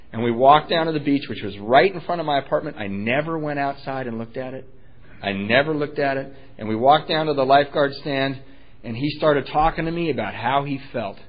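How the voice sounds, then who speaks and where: A man's voice: mid-range voice, muffled recording. A man candidly telling his own recovery story, self-deprecating and wryly funny. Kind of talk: personal storytelling talk.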